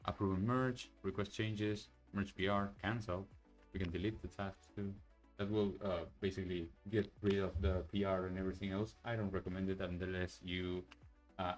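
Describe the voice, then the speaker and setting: A man casually walking through a software demo on screen, thinking aloud with many fillers and restarts. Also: sits low, rough recording. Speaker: software developer demoing his project. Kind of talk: casual screen-share walkthrough.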